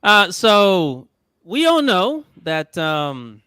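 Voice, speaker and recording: A man hosts a casual podcast chat, his voice high-pitched and lively with a bright edge. He talks in halting bursts full of fillers. The sound is dry and close. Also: clean tone, no echo. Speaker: podcast host.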